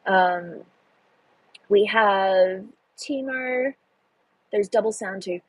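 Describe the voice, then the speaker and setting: Chatty young woman, husky voice. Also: mid-range voice, drawn-out words, no room sound, low-quality recording. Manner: chatty, self-deprecating, reads chat aloud with laughs. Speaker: live streamer. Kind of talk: casual live stream chat. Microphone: phone.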